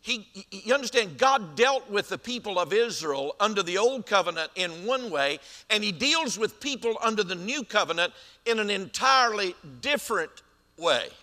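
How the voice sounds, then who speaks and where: A man preaching a sermon as senior pastor, stretching key lines slowly and dropping to quiet asides. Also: high-pitched, animated. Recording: reverberant church sanctuary.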